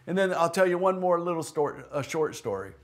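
Storytelling pastor with a higher voice. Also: male voice, animated, a little fast. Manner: conversational, tells stories with acted-out quotes. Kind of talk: sermon with storytelling. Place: church.

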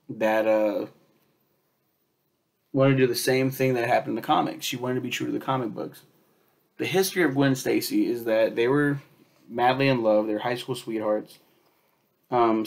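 Rambling, cursing man reviewing a film. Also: mid-range voice. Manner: rambling, profane, lots of fillers and quoted asides.

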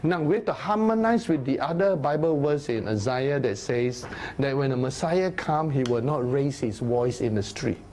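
A man teaching a Bible study sermon, animated, sometimes dropping into low, grave tones. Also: normal speed, hardly any pauses, a little hiss or hum. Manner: animated, acts out crowd voices in a raised voice; drops to low, grave tones for solemn points.

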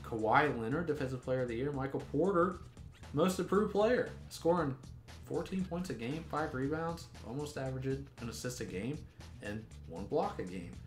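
A man's voice: medium pitch, lively intonation, moderate pace, reverberant, faint music behind. A man giving casual, sarcastic gameplay commentary as a gaming YouTuber. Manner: sarcastic, joking banter.

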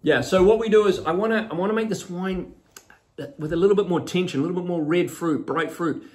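A man's voice: sits high, a little fast, darkish tone. A man with a New Zealand accent, a winemaker talking casually and keenly through a wine tasting. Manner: enthusiastic, listing flavors.

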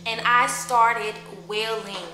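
A woman vlogger in telling a story to the camera in a lively, profane way, acting out what others said. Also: fairly high pitch, slow. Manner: animated, profane, acts out quoted voices. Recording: echoey room with loud music behind.

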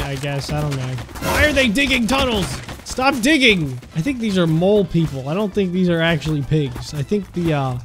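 A young man giving excitable gameplay commentary, laughing and talking to the characters on screen. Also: on the high side. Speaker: gaming YouTuber. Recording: music playing behind.

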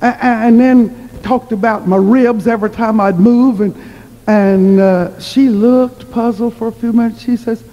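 A woman preacher spins a humorous, self-mocking story from the pulpit in a chatty way. Her voice sits high with a soft, mellow tone. A long reverb from a big hall trails her words. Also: steady tone, a little slow, highs cut off. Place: church hall.

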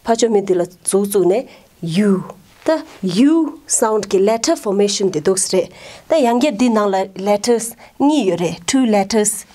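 A woman's voice: medium pitch, lively intonation, measured pace, dark tone. A woman teaching a phonics lesson, sounding out letters one by one and then blending them into words. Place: school in Ladakh, India.

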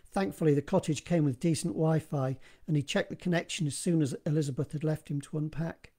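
A man narrating his own horror story in a steady, measured reading, recorded in one live take. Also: a little high.

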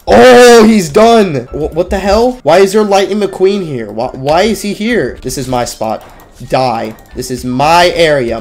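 Excitable young man yelling over gameplay. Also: on the high side. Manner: excitable, yelling and swearing during play. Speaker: gaming YouTuber. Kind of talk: live gameplay commentary.

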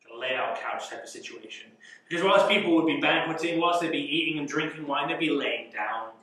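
A young man leading a youth Bible study, teaching in an animated way with rhetorical questions and frequent chuckles. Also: a little high, fairly quick. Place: church youth room. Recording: echoey room, mic far off.

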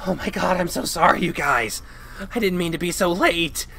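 A man's voice: high-pitched, normal speed, gravelly, bright, forceful tone, pitched above the performer's own voice, full character voice. A man voicing a nervous, upbeat young male furry mentor who keeps apologizing. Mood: flustered. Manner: apologetic, flustered and eager.

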